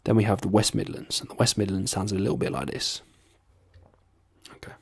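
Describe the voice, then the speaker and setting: A man's voice: lowish voice, flat delivery, brisk, gravelly, breathy edge, dry recording, clean studio sound. A young man from the south of England with a southern English accent, chatting casually and swearing freely. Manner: laid-back, sweary, rambling. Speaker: vlogger. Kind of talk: casual chat about accents.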